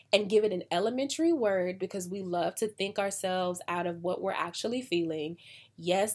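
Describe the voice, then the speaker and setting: An American woman hosting a podcast in a casual, chatty way, acting out quoted voices with big jumps in pitch. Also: darkish tone. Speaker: podcast host. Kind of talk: casual solo podcast talk.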